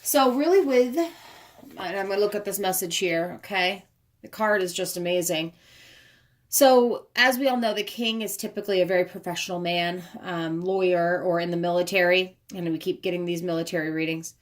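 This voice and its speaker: A woman's voice: lowish voice, moderate pace. A woman giving a casual spoken tarot reading, chatty and thinking aloud as she handles the cards, recorded on a propped-up phone camera. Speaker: tarot card reader. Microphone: phone camera propped up nearby.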